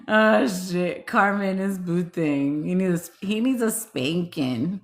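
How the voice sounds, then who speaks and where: A giggly woman chats slowly and playfully on a live stream, breaking into laughter between teasing jokes. Her voice is bright and clear. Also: mid-range voice, expressive, slight background noise. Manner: bawdy joking banter. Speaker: livestream host. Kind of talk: casual live chat with viewers.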